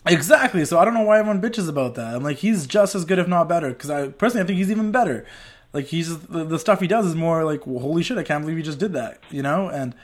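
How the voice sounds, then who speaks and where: A man's voice: a little high, lively intonation, fast talker. A man hosting a podcast, chatting loosely, swearing casually and eagerly urging his guest to go on. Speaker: podcast host. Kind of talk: casual chat.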